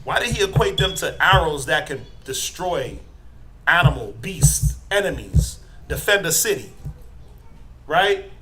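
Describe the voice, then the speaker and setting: A middle-aged man teaching a Bible class, quizzing his students and tagging his points with "right?", building to forceful emphasis. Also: a little high, sing-song, a little slow, a little hiss or hum. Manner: asks the class questions, tags lines with "right?".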